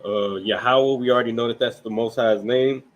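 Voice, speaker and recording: A man's voice: medium pitch, fairly even intonation, lo-fi sound. Casual man teaching word by word. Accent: American English. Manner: loose, conversational, with frequent "right?" and "you know what I mean?"; slows down to pronounce words carefully. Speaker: scripture class teacher. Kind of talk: informal language class.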